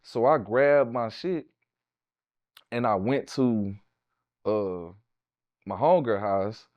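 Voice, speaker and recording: A man from Houston with a Southern Texas accent, a guest telling his life story in a casual, animated, profane way. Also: takes it slowly, dry recording, dull audio. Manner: animated, profane, raises pitch for quoted voices. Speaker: interview guest, tattoo artist.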